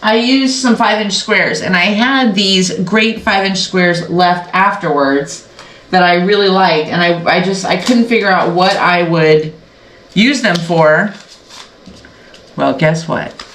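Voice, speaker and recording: Slow, chatty woman quilting host. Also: fairly low pitch, a bit bright. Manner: chatty, rambling, self-interrupting. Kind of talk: casual sew-along chat. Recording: echoey room with faint background noise.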